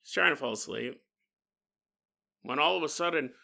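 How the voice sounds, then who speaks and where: A man's voice: on the high side, normal speed, vocal fry, pushed and bright. A man hosting a podcast, telling a story casually with rambling, joking asides. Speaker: podcast host.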